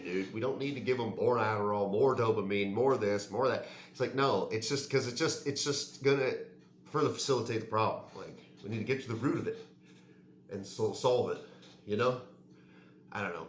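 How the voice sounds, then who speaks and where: A man's voice: mid-range voice, reverberant, a little hiss or hum. A man ranting casually and heatedly to the camera, swearing and saying "dude" and "like" often. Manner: heated, profane, says "dude" and "like" a lot. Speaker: fitness vlogger.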